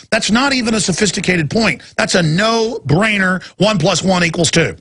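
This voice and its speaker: A man's voice: high voice, normal speed, few pauses, fairly bright tone. A male radio talk show host delivering a heated, sarcastic political rant. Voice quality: gravelly, raspy.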